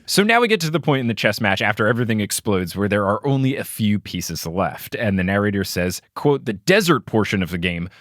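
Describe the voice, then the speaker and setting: A young adult man hosting a casual podcast, recapping a book with animated quote readings and frequent laughter. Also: a little fast, hardly any pauses, no room sound, clean studio sound. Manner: reads quotes aloud with big pitch jumps, laughs often. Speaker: podcast host.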